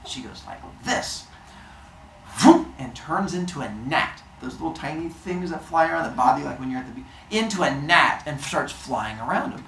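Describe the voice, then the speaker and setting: A woman with a low voice tells an old myth as a casual, comic story, tossing in jokes and asides. Her pitch swings widely as she goes. She sounds like she is in a roomy space, with faint ambience underneath. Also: a little fast, hardly any pauses, a little hiss or hum. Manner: animated, jokey, full of asides.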